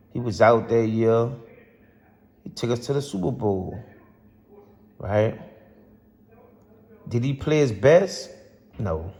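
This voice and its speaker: A vlogger rants passionately to camera about football in a casual, rambling way, repeating himself. His mid-range voice is a little mellow, and the recording has a long hall reverb.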